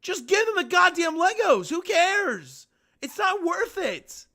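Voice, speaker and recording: A young man giving casual reaction commentary to a video, excitable and swearing. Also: very high-pitched, takes it slowly, slight background noise. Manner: excitable, swearing, breaking into loud outbursts.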